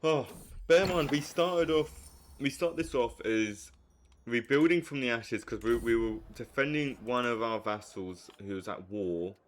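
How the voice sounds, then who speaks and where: A young man giving live commentary on a strategy game, swinging from low muttering to hyped outbursts. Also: a little slow, a little hiss or hum. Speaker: streamer.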